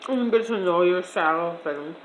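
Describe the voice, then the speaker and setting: A woman's voice: fairly low pitch, measured pace, a little hiss or hum. Chatty woman telling a story, echoey room. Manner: chatty, slangy, expressive storytelling. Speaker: vlogger. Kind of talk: casual storytelling over a meal.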